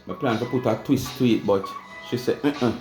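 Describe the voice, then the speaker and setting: A man's voice: medium pitch, brisk. A man with a Jamaican accent chatting casually to his viewers while he cooks in his home kitchen. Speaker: cooking vlogger. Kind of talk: casual cooking talk. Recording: echoey kitchen with music behind.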